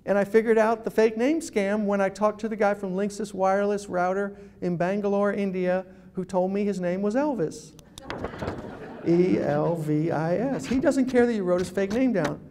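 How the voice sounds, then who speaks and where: A man's voice: high-pitched, fairly even intonation, fairly quick, few pauses, noisy background. A man giving a humorous talk to a live audience as a guest speaker, telling stories and acting out phone calls.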